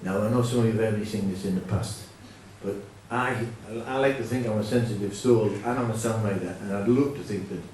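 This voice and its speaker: A man who is a folk singer telling a rambling comic story on stage in a deadpan manner, with frequent self-corrections. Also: fairly low pitch, fairly quick, hardly any pauses, a little hiss or hum. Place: live venue with audience. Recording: echoey room from far off.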